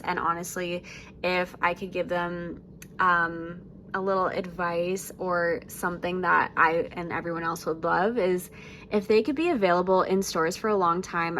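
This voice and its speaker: A woman's voice: on the low side, a little hiss or hum, poor audio. A young woman doll reviewer chatting casually and gushing to her viewers. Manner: gushing, warm sign-off. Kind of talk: casual vlog chat.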